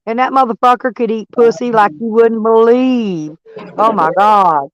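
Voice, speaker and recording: A woman's voice: on the high side, moderate pace, dry recording, dull audio. A woman hosting a casual livestream chat from her van, blunt and crude, laughing often. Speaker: livestream host.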